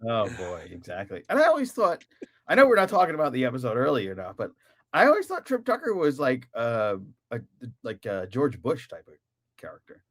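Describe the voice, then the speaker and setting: A man's voice: medium pitch, fairly quick. A man hosting a casual live-stream podcast, reading out viewer comments and laughing often. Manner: animated, giggly, reads chat comments aloud. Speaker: podcast host.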